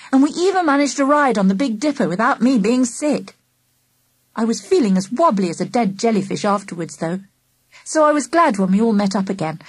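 Husky woman reading a children's story. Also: fairly high pitch, no room sound. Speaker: audiobook narrator. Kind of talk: storybook narration in first person.

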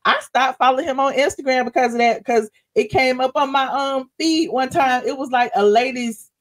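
A woman's voice: high voice, moderate pace. A woman hosting a livestream, chatting sassily about gossip, laughing often and calling viewers honey. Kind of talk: casual gossip commentary to live viewers.

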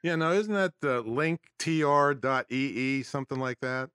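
A podcast host chats casually with his guest in an interview, laughing easily. His voice is medium-pitched, a bit bright, and smooth at a normal speed, recorded dry with studio quality.

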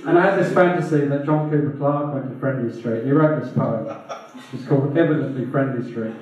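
A man's voice: mid-range voice, fairly quick, darkish tone. A man performing comic spoken word poetry on a pub stage, reciting rhythmic rhyming lines in a wry, self-mocking way. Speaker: performance poet. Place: pub stage before a live audience. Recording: echoey pub room, dull, from far off.

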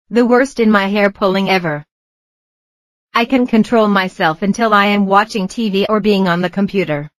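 A woman's voice: medium pitch, no echo, rough recording. Dry text-to-speech woman's voice. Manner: evenly read, mechanical delivery. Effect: computer-generated text-to-speech voice. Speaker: vlogger. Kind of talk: text-to-speech narration of a personal vlog.

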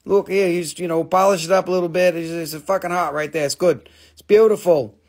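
A man's voice: high voice, steady tone, brisk. A man doing a brash, swearing New York-style rock dealer, joking through his sales patter.

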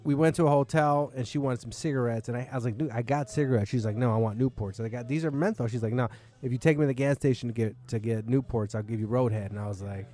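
A man's voice: mid-range voice, fast talker, few pauses, mellow, soft background music. A man hosting a podcast in a bar, a comedian telling a long, rambling, profane story in casual chat.

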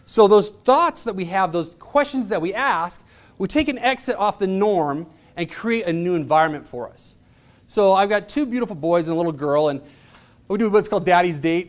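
A man's voice: high-pitched, expressive, fast. A man in his thirties giving a motivational presentation, telling stories in a casual, chatty way and acting out the voices of the people in them. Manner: casual, chatty delivery with fillers. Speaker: motivational speaker. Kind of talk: storytelling presentation.

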